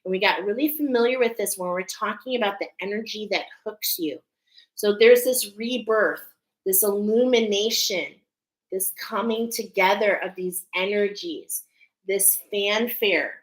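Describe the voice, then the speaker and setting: A woman's voice: medium pitch, unhurried, reverberant, low-quality recording. A woman giving a spiritual oracle card reading to her viewers, earnest and emphatic, often checking in with "okay?".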